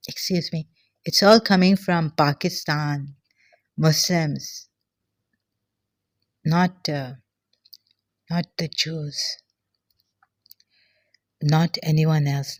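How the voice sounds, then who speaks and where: A woman giving an earnest personal monologue, short of breath, halting and often trailing off softly. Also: deep voice. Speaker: vlogger.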